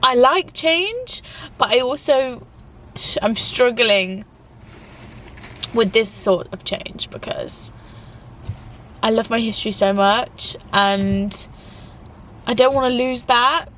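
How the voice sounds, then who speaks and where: Young woman, casual confessional vlogger, rambling and emotional, fairly high voice, faint background hum. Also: animated, takes it slowly, long pauses, a bit bright. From England. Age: young adult. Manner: rambling, emotional, many "like" fillers. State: tearful at times. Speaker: YouTuber.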